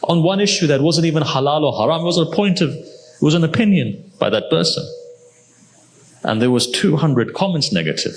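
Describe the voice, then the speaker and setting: A man's voice: fairly high pitch, expressive, brisk. A man delivering a sermon, telling religious stories and acting out the quoted figures. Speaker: preacher.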